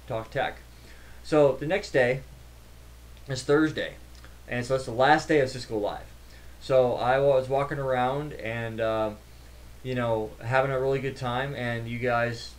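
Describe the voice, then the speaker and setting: A man, a network engineer, casually recapping a tech conference in a rambling, chatty way with many fillers. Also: mid-range voice.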